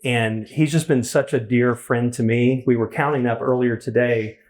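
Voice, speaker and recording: A man's voice: mid-range voice, fairly even intonation, normal speed. A man hosting a live onstage conversation, talking in a rambling way and correcting himself as he goes. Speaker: host, interviewer. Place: event hall with audience.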